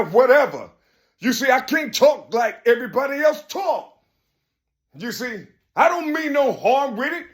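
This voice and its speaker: A man in his fifties, alone at home, talking in an emphatic, preachy monologue that keeps breaking into shouts. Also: extremely high pitch. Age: 50s. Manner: emphatic, preachy, repeats "you see", bursts into shouting. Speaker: video blogger. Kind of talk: solo monologue rant.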